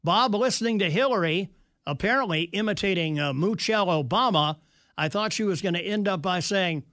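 Talk radio host, male, fairly high voice, dry close sound, sardonic delivery while reading texts. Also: brisk, fairly bright tone, dry recording. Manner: wry, sarcastic asides.

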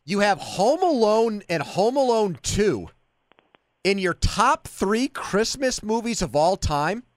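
A male radio host who talks in a lively, swooping voice that sits a little high for a man. He teases and needles in casual sports-talk banter. The studio sound is dry and close. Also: slow, no room sound. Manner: teasing, mock-exasperated.

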